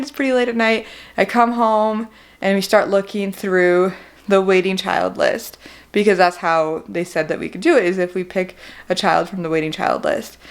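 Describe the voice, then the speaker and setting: A young woman giving an emotional vlog update, fighting back tears and laughing nervously as she talks. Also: medium pitch. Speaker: vlogger.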